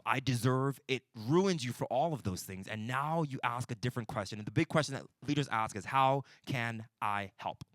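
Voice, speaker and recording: A man's voice: medium pitch, a bit bright, no echo, clean studio sound. A man giving a conversational church leadership talk, telling stories with frequent restarts and bursts of intensity. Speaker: pastor teaching a breakout session. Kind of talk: conversational sermon teaching.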